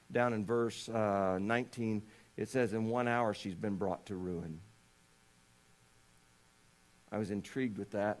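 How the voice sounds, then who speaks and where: A man preaching a sermon, telling scripture quietly and then rising to loud, fervent appeals, often asking his listeners rhetorical questions. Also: medium pitch. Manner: swings from hushed storytelling to shouting fervor; asks the congregation rhetorical questions. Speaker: pastor.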